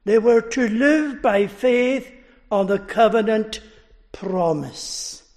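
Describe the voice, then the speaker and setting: A man preaching a sermon in a measured way, letting his voice fall at the end of phrases. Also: a little mellow. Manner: slow, measured delivery, dropping low at phrase ends.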